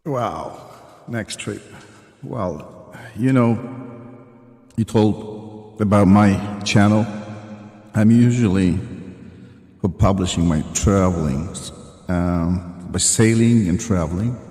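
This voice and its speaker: A man appearing as a guest co-host on a live stream, speaking haltingly and searching for words as he chats. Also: lowish voice, a little mellow. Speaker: guest co-host, travel channel creator. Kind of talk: casual live-stream chat. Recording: echoey room with long reverb.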